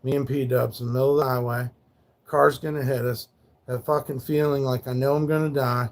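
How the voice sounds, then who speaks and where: Gravelly-voiced grieving man rambling. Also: mid-range voice, flat delivery, fairly quick. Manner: rambling, profane, grieving, reads chat. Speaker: livestreamer. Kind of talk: casual livestream talk.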